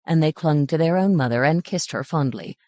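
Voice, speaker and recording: A woman narrating a fairy tale audiobook in a measured, gentle reading. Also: low-pitched, no room sound, clean studio sound. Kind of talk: scripted storybook narration.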